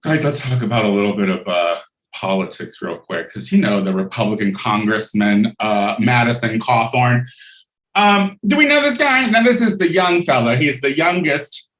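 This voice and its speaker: A man's voice: mid-range voice, sing-song, normal speed, fairly bright tone. Flamboyant, sassy male comedy host. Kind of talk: comedic monologue. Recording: echoey room, mic at a distance.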